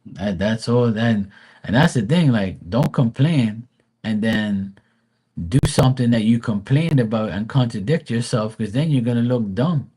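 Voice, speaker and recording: A man's voice: mid-range voice, unhurried, mellow, slightly rough. A man in his forties chatting casually on a live stream as a tarot reader, rambling and swearing in a laid-back way. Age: 40s.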